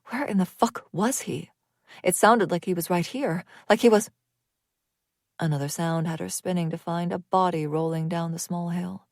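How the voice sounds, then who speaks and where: A woman reads a dark fantasy audiobook at an unhurried, deliberate pace, her voice a touch low. She is measured and often sinks into hushed near-whispers. It sounds like a close mic in a dry booth. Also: no room sound. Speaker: audiobook narrator.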